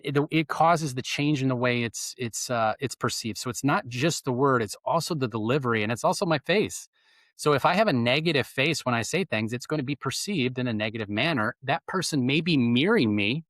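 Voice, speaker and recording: A man's voice: mid-range voice, a bit bright, no room sound. A man who is a guest on a podcast interview, explaining ideas plainly and using spoken examples. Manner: explanatory, gives examples by stressing words.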